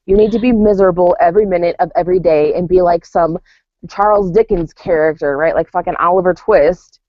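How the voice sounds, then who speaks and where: Podcast co-host, woman, animated casual storyteller, dry dull lo-fi recording. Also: lowish voice, brisk, no echo. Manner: animated storytelling with acted-out quotes and laughter. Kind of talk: casual chat. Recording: dull lo-fi sound.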